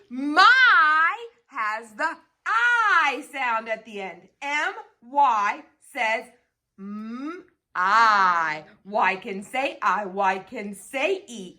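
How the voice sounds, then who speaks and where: Lively, bright-voiced woman teaching phonics. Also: high-pitched. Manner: sing-song, spelling letters and sounding out slowly. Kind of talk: children's phonics lesson.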